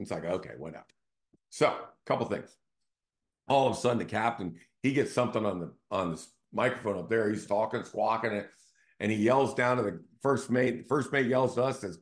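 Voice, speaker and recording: A man with a medium-pitched voice talks briskly as host of his own show. He's the CEO of a real estate team, telling stories in a casual, conversational way and frequently checking in with his listeners.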